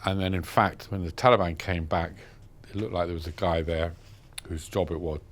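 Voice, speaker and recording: A British man with a fairly low voice tells his own story in an interview. He is a vivid storyteller who slips in and out of the voices of the people he describes. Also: fairly even intonation, moderate pace. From Britain. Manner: vivid storyteller, acts out dialogue. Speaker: journalist recounting captivity. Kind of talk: first-person interview account.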